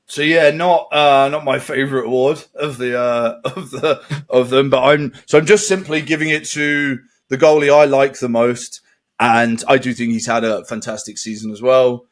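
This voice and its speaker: A man's voice: medium pitch, fairly even intonation, normal speed. A man co-hosting a casual podcast chat, swearing freely, laughing often and slipping into mock voices. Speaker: podcast co-host.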